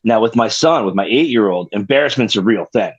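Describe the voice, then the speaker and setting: A man's voice: fairly low pitch, fairly quick, breathy edge, lo-fi sound. A man co-hosting a podcast, chatting casually and animatedly, acting out what his kids say. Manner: animated storyteller, acts out his kids' voices. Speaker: podcast co-host.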